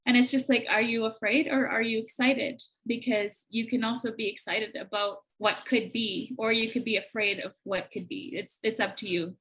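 A woman from Manitoba, Canada, with a slightly high voice, telling a story as a podcast guest. She talks in a lively, animated way, laughs often and acts out the voices she quotes. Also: moderate pace, hardly any pauses, low-quality recording. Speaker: guest, entrepreneur.

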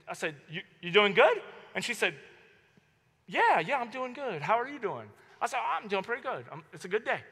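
A man's voice: high voice, long reverb tail. A man preaching a conversational sermon as a guest church planter, telling stories with asides to the audience. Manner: animated storytelling with asides to the audience.

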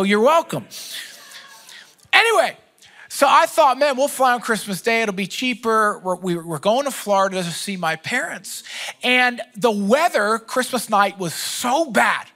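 A man's voice: high voice, pushed and bright. A man preaching a sermon as pastor, telling stories in a conversational, joking way.

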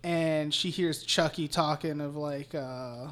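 A man's voice: fairly high pitch, steady tone, takes it slowly, a bit bright. Rambling, profane male podcast host. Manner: rambling, profane, laughing recap. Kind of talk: casual movie recap chat.

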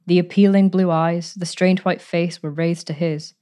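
Low-voiced woman reading a story. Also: fairly even intonation, normal speed, mellow. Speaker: narrator. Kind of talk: storybook narration.

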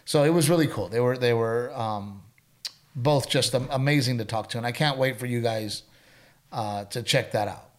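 A man in his thirties co-hosting a casual chat, telling animated stories and dropping dude and bro. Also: medium pitch, normal speed. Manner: animated storyteller, mocking impressions, says dude and bro. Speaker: podcast co-host.

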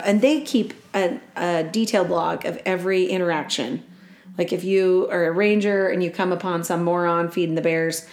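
A woman's voice: lowish voice, darkish tone. A woman co-hosting a chat show, telling a story in a rambling, joking way and correcting herself as she goes. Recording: roomy echo.

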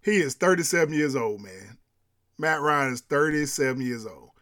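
A man co-hosting a casual sports and culture chat, animated and laughing often, repeating himself as he builds a point. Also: fairly high pitch, moderate pace. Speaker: podcast co-host.

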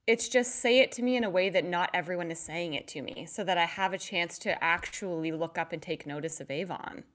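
Lower-pitched woman, animated chat. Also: fairly quick, slight background noise. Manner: animated, acts out quoted voices. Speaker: podcast co-host. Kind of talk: casual chat about marketing.

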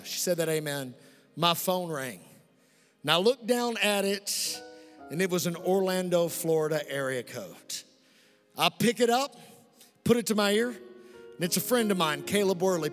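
A middle-aged man preaching with a fairly high voice, lively and joking, calling out to the congregation for amens. His voice carries a long hall reverb, with soft music faintly underneath. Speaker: pastor. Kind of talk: preaching a sermon. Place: church sanctuary.

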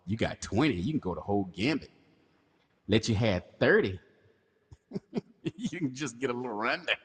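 A man riffs crude comedy on a podcast, his pitch leaping around as he builds absurd scenarios. His voice has a husky edge, and a long reverb trails behind it. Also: normal speed. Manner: animated, laughing storyteller. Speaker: podcast co-host.

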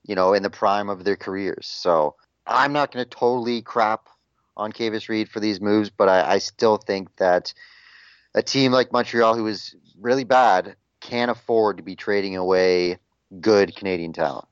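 A man co-hosting a sports podcast, talking in a measured way that hedges with fillers, over dry lo-fi audio. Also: fairly low pitch, smooth, no room sound. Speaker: podcast co-host. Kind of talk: casual sports chat.

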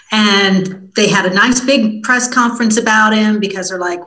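A woman, a TV news reporter, chatting as a podcast guest and telling stories in a lively, self-deprecating way. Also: medium pitch, a little slow, rough recording. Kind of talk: casual podcast interview.

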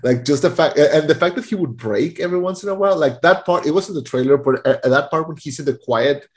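A man's voice: a little high, fast talker. A man co-hosting a casual movie review chat, ranting with exasperation and many fillers. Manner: animated, exasperated ranting with frequent "like" and restarts. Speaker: podcast co-host reviewing a film.

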